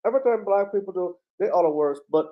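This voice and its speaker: A man with a fairly high voice hosting a livestream. He talks bluntly and indignantly, swearing freely as he comments. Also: quick pace, narrow, tinny audio. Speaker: livestream host. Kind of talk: heated commentary.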